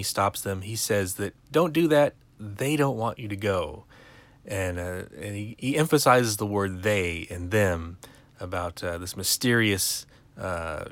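A man's voice: fairly low pitch, a bit bright, no room sound. A man hosting a podcast, casually recapping an episode with rambling, wry asides and plenty of fillers. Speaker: podcast host.

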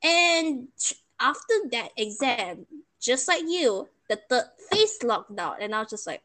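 A woman's voice: fairly high pitch, very animated, moderate pace, a bit bright. A young woman, chatting casually and emotionally retelling a bad experience. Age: young adult. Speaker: storyteller. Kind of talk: casual chat.

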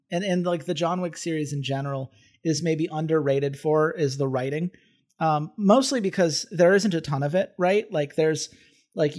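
A man co-hosting a film podcast, chatting casually and enthusiastically, rambling with restarts. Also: a little high. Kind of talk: casual film review chat.

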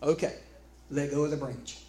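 A man voicing God as a calm, reassuring presence with a wry edge. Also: on the high side, normal speed, natural voice. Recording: echoey room with faint background noise.

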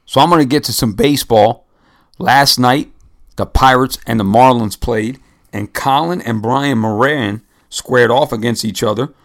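A man co-hosting a laid-back sports podcast in a medium voice. He reels off figures and where he found them in an easygoing, conversational way, tossing in the odd "you know" and "uh.". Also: mid-range voice. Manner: relaxed, rattles off stats and cites sources. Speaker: podcast co-host. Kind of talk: casual sports podcast chat.

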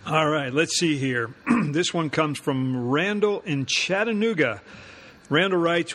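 A man co-hosting a home-improvement radio show, easygoing and quick to laugh, reading listener mail. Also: a little high, a bit bright, slight background noise. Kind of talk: scripted comedy banter.

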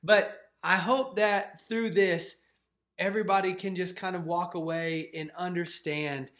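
A man's voice: sits high, a little slow. Chatty man retelling a faith story. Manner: animated, filler-heavy retelling with "like". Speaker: co-host of a faith channel. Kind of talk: casual storytelling chat.

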